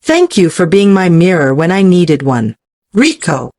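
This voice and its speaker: A woman voicing a quiet, remorseful man, reading his message in a subdued, apologetic way. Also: on the low side, sing-song, a little slow, no room sound, clean studio sound. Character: remorseful ex-boyfriend, quiet and humbled.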